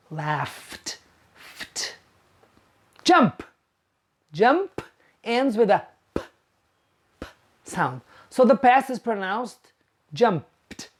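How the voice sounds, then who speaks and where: A woman teaching English pronunciation, saying each example sound slowly and deliberately. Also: on the high side. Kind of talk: slow pronunciation lesson.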